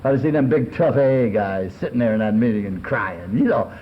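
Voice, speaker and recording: A man's voice: medium pitch, expressive, fairly quick. Folksy American man on old tape. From Southern California. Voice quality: clears throat often. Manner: folksy storytelling, street slang. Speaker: AA speaker. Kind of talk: recovery meeting talk. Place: convention hall. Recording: dull lo-fi 1970s tape recording.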